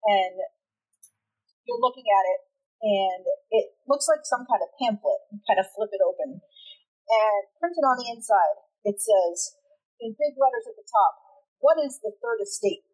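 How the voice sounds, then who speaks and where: A woman's voice: medium pitch, animated, a little slow, darkish tone, low-quality recording. A woman runs a tabletop role-playing game as its game master. She narrates scenes in a loose, casual way, with fillers and restarts. She also explains the rules as she goes.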